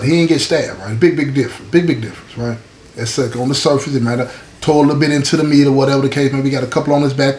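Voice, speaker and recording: A man hosting his own show, telling a story in a casual, conversational way, often checking in with "right?". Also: mid-range voice. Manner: conversational, frequent "right?" and "you know what I'm saying". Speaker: host. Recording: echoey room with faint ambient noise.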